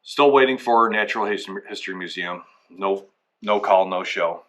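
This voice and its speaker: A man's voice: lowish voice, moderate pace, sharp tone. A man telling a rambling comedic story, acting out both sides of each conversation. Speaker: comic storyteller. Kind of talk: comedic anecdote monologue.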